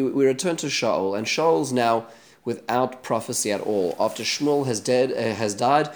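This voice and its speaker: A male teacher talks through a Bible passage in an easygoing lesson. He uses Hebrew terms and often restarts his sentences. His voice sits at an ordinary middle pitch. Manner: conversational retelling with many restarts and Hebrew terms. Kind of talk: Torah study lesson.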